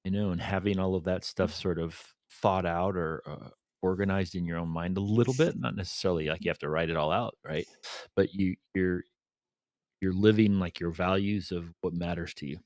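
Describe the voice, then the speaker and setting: A man's voice: low-pitched, steady tone, moderate pace, a little mellow, no room sound, clean studio sound. A man co-hosting a podcast, reflecting aloud in casual chat, with fillers as he thinks. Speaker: podcast co-host.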